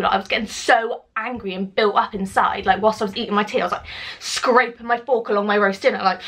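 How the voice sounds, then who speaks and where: A woman's voice: mid-range voice, fairly even intonation, very fast, fairly bright tone. A young woman tells a casual storytime to camera, chatty and swearing freely as she acts out what people said. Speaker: vlogger.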